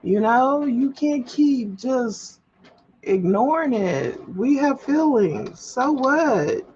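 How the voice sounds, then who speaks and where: Her voice is high and expressive with a darkish tone, and she speaks at a slow pace. As host of a casual home livestream, she prints paperwork while rambling candidly and repeating herself for emphasis, with slightly dull audio and a faint hum.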